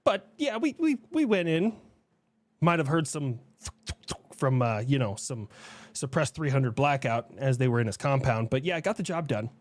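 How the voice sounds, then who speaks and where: A man delivering a comedic commentary video in a deadpan, sarcastic way. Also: medium pitch, normal speed, no room sound. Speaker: video creator. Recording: dry close studio sound.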